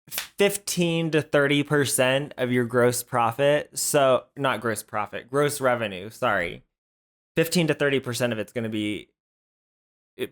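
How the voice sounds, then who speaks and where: A commentator reacting to clips with sarcastic, incredulous asides. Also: mid-range voice.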